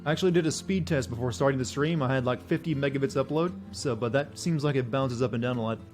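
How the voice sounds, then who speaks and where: A man chatting casually with his viewers while streaming a game, in a flat, deadpan voice. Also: mid-range voice, fast, faint music behind. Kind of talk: casual livestream chat.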